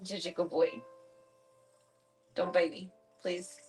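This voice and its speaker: A woman's voice: lowish voice, level tone, takes it slowly, darkish tone, faint music behind. A woman streamer chatting casually at home, fussing over her pet in doting, playful baby talk and laughing often.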